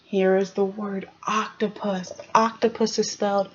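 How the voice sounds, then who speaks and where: A woman teacher giving a clear early-grade phonics lesson, sounding out letters and asking the children encouraging questions. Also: mid-range voice, steady tone, a little slow, hardly any pauses, dull audio. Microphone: home recording for online class.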